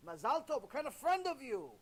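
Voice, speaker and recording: A man voicing a sly male tempter spirit that coaxes softly and persuasively. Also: very high-pitched, big pitch swings, a little fast, poor audio. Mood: coaxing. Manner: wheedling, persuasive, hushed.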